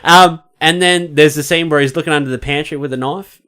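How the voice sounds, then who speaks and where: A bright, forceful man who co-hosts a casual podcast and tells a story with plenty of energy. He acts out the quoted shouts himself and swears freely. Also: a little high, steady tone, brisk, clean tone. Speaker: podcast co-host.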